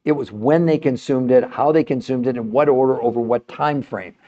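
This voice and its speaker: Emphatic older man on a dull stream. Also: a little fast. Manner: emphatic, salesy, pitch jumps high for emphasis. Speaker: host of a live stream. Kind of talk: live-stream talk to a chat audience.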